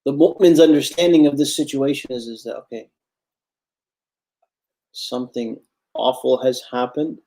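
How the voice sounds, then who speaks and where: A man's voice: medium pitch, moderate pace, pauses often, warm tone. A man giving a Friday sermon as imam, earnest and repetitive for emphasis, addressing his listeners as brothers and sisters.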